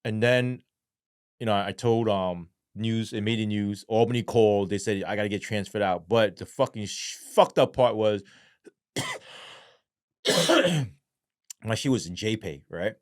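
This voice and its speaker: A man with a somewhat low voice tells a story as a podcast guest, loose and profane, full of slang and fillers. He talks in a dry, close sound with no room echo. His delivery rambles and leans on street talk. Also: measured pace, pauses often. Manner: animated, acts out quoted voices. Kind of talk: casual storytelling in a podcast interview.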